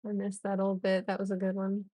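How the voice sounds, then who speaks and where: A chatty woman artist chats with her stream audience between drawing strokes, loose and jokey as she reads viewers' names. Her voice sits at an ordinary middle pitch. The sound is close and dry. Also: monotone, brisk, dark tone, no echo. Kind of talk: casual live-stream chat while drawing.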